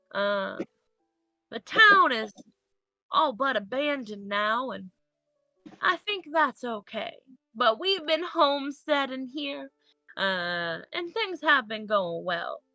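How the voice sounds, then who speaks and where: A woman's voice: fairly high pitch, pushed and bright, dry recording, exaggerated voice. A woman voicing a loving homesteading mother who misses her child, in an attempted Southern accent and a tender, doting manner.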